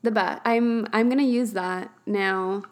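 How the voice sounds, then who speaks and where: A woman's voice: medium pitch, fairly even intonation, a little slow. A woman hosting a casual interview podcast, gushing with enthusiastic praise for her guest. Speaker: podcast host.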